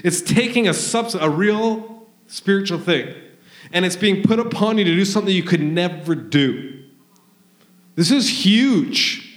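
A man's voice: high voice, expressive, a little slow, roomy sound. A man preaching and praying prophetically in a church service, fervent and rambling, acting out quoted voices. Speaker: pastor. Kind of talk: sermon with prophetic prayer. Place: church hall.

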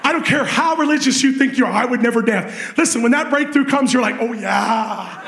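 A man preaching a sermon, telling a story with animated swings between excited shouting and hushed intensity. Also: extremely high pitch, quick pace, roomy sound, noisy background.

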